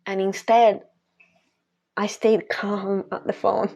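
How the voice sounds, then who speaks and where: A woman's voice: mid-range voice, little pitch movement, slow pace, warm tone. A woman speaking as a spiritual coach in a casual monologue, emphatic and repetitive, laughing between phrases.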